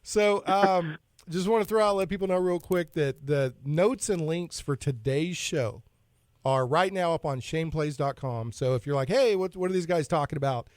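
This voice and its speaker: A man's voice: on the high side, darkish tone, no echo, clean studio sound. A man hosting a casual geek talk radio show, joking around with puns and laughing at his own jokes. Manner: jokey, punning, quick to laugh.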